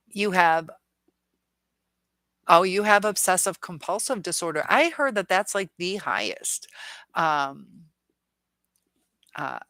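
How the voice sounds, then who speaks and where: Bright-voiced chatty woman hosting a live chat. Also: sits low, dry recording. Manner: chatty, laughs often, reads viewer comments aloud. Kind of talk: casual live-stream chat reading comments.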